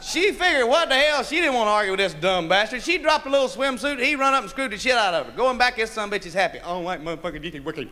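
High, bright comic. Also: male voice, slight background noise. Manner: raunchy, profane, laughing at his own jokes. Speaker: stand-up comedian. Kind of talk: stand-up comedy.

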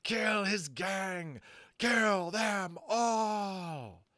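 A shrieking, insane villain magician. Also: male voice, high-pitched, lively intonation, extremely slow, sharp tone, no echo, clean studio sound, voice pushed up, full character voice. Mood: raging. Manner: shrieking, raging.

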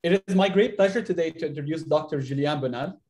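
Man, slightly higher voice, seminar host, formal introduction with stumbles. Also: fast talker, a little mellow. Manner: reads introduction with fillers and stumbles.

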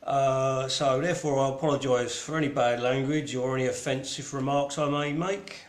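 In a reverberant space, a Cockney-accented man hosts a live-streamed online gallery show, his mid-range voice moving at a moderate pace with fairly even intonation. He rambles irreverently, swearing mildly and saying um a lot.

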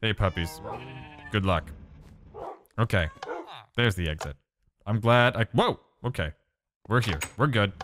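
A man's voice: medium pitch, unhurried. A man giving casual gameplay commentary, talking to himself and exclaiming as he plays. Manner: animated, exclaiming, talks to himself. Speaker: let's play gamer.

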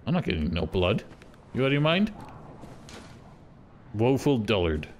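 A man streaming a video game, cursing and yelling at the enemies with frustration. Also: medium pitch, big pitch swings, quick pace, slight background noise. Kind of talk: live game commentary.

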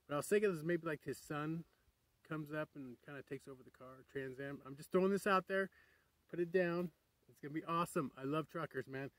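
A man's voice: fairly high pitch, a little fast, dry recording, poor audio. A man talking to camera in a rambling, upbeat, digressive vlog. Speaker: vlogger. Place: outdoors near a crater with trains passing.

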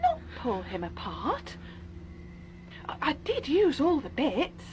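A small plastic toy, sweet and defensive, as a woman voices it. She speaks slowly and breathily, and her very high voice swoops widely. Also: huge pitch swings, darkish tone, a little hiss or hum, full character voice.

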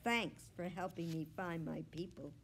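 A woman voicing a small, eager male dog who squeals his lines in a very high voice. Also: normal speed, fairly bright tone, slight background noise. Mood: excited. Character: lost little male dog, cheerful and eager.

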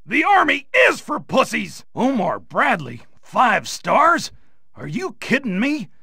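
An actor voicing a brash dock worker in a video game, who grumbles in a rough working-class way. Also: male voice, very high voice, huge pitch swings, takes it slowly, bright, forceful tone, dry recording, clean studio sound, full character voice. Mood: grumbling. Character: brash male dock worker, would-be communist intellectual.

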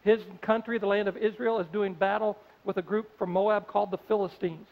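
A man preaches a sermon in a conversational, storytelling way, slipping into the voices of the characters as he goes. His voice sits high. The audio is dull, with a long reverb from a large church hall. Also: steady tone, a little fast, creaky. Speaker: pastor.

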